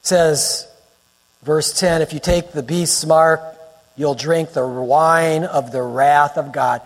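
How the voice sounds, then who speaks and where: A male pastor preaching a sermon, emphatic and repeating phrases for effect, rising to near-shouts. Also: on the high side, fairly even intonation, takes it slowly. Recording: long hall reverb.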